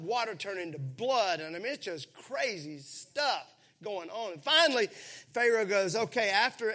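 High, bright-voiced preacher. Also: male voice. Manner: animated, calls for congregation responses. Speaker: pastor. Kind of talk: sermon.

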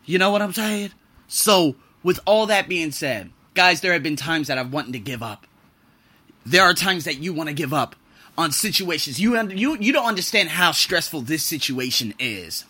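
A young man hosting a casual podcast monologue, animated and profane, swinging between loud bursts and low muttering. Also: moderate pace, husky. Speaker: podcast host.

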